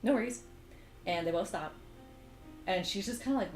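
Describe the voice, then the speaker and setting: A young woman vlogger chatting casually while she draws, telling a story in an animated, exasperated way with sudden jumps in pitch. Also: a little fast, pauses often, roomy sound, faint music behind, poor audio. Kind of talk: casual chat while drawing.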